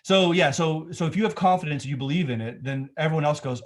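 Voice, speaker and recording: A man's voice: a little high, quick pace. A middle-aged man, a film director, talking in a casual remote interview, thoughtful and rambling with many restarts.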